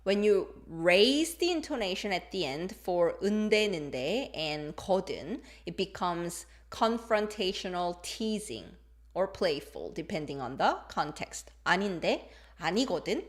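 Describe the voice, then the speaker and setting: A woman teaching a live-streamed language lesson in a playful, expressive way, exaggerating her examples to show intonation. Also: fairly low pitch, moderate pace.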